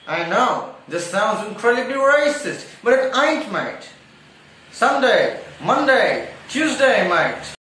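A man putting on an Australian accent for a comedy sketch, loud and brash and tossing in mate. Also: sits high, very animated, slow, a little hiss or hum, voice pushed up, exaggerated voice. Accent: Australian, put on. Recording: very echoey room.

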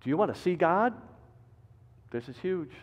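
A man preaching a sermon, swinging between loud emphatic climbs and quiet low drops, firing repeated rhetorical questions at the congregation. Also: lively intonation, normal speed. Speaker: pastor. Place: church sanctuary. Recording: reverberant hall, dull lo-fi sound.

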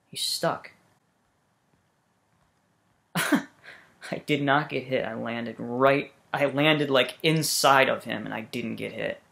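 A let's-play gamer giving casual commentary to viewers, swearing heavily, with loud angry outbursts and sarcastic asides. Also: mid-range voice, gravelly.

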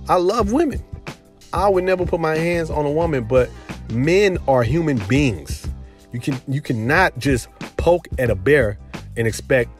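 A man vlogging, telling a personal story in a casual, animated way with lots of "you know" fillers, as a commentary host. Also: on the high side, measured pace, soft background music. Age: adult with daughters. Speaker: video host.

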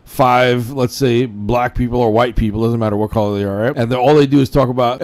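A man from India giving casual, profane reaction commentary, laughing often and clearly amused. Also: medium pitch, fast, few pauses, darkish tone. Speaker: commentator reacting to a street video.

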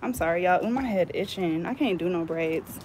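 A woman's voice: lowish voice, fairly quick, a little mellow, slight background noise. A woman vlogging at home as she shows off fresh braids, chatty and teasing, full of slang. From California Bay Area. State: out of breath. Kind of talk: casual chat to camera.

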